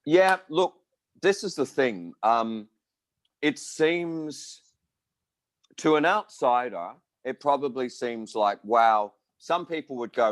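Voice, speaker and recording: A man's voice: medium pitch, lively intonation, a little slow, no room sound. A man in his sixties from Australia, talking casually in an interview as a musician, rambling through stories and acting out the voices of people he quotes. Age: 60s. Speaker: musician guest.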